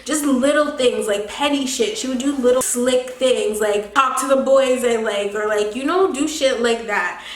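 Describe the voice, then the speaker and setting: A young woman telling a casual storytime vlog, animated and slangy, swearing freely and laughing often. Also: a little high, moderate pace, hardly any pauses. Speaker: beauty vlogger. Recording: echoey room.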